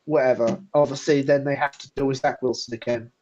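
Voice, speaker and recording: A man's voice: medium pitch, steady tone, fairly quick, a little mellow, highs cut off, slight background noise. A man co-hosting a casual live-stream sports talk show, laid-back, laughing often and walking through stats.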